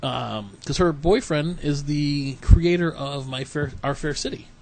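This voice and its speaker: A man's voice: fairly high pitch, unhurried, darkish tone, a little hiss or hum. A man co-hosting a podcast, chatting casually and rambling through stories with acted-out quotes. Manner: rambling storyteller, acts out quotes. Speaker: podcast co-host. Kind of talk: casual chat.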